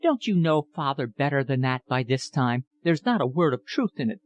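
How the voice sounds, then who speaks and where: A man's voice: medium pitch, big pitch swings, normal speed, lo-fi sound, natural voice. A man reading an audiobook voicing a plump, teasing young woman who bosses her family about. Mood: bossy.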